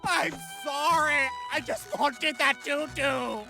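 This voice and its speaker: An actor playing a hot-tempered male cartoon devil, shrill and frantic, pleading and raging. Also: slow, creaky, full character voice. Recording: clip with music behind. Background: music.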